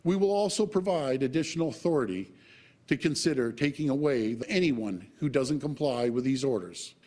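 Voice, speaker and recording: Emphatic middle-aged politician at a press conference. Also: male voice, on the high side. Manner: emphatic, repeating key words for stress. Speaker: provincial premier.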